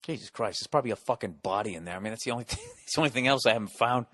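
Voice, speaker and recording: A middle-aged American podcast host talks very fast at medium pitch. His profane, rambling comic monologue swings between loud rants and muttered asides.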